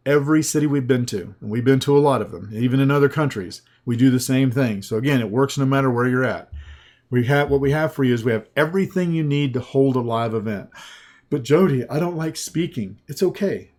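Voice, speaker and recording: A man pitching a program in a punchy, emphatic way, hammering home short repeated phrases. His throat sounds slightly scratchy, and his voice sits at an ordinary middle pitch. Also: fairly quick, a little mellow. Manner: punchy, repetitive, emphatic selling. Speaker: sales presenter. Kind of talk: sales pitch presentation.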